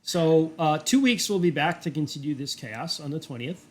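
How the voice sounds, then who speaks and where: A woman's voice: low voice, normal speed. A woman game master chatting casually after the session, blunt and swearing freely. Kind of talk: casual chat.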